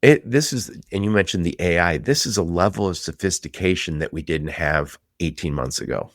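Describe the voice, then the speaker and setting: A man with a very deep voice hosts a casual business podcast. He tells stories with energy and laughs easily. The sound is dry and close to the mic. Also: brisk, no room sound. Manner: animated storyteller, laughs often. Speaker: podcast host.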